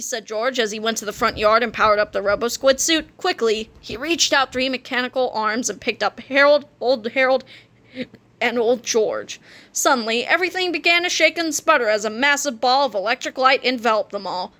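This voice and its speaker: A woman narrating a children's book aloud in an expressive reading voice. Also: a little high, moderate pace.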